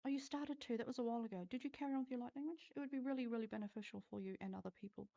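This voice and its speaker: Woman, intuitive reader on a livestream; frank, foul-mouthed, warm low tone, muffled sound. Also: racing, vocal fry. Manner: blunt, swears freely, talks straight to viewers. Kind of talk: live-streamed psychic reading.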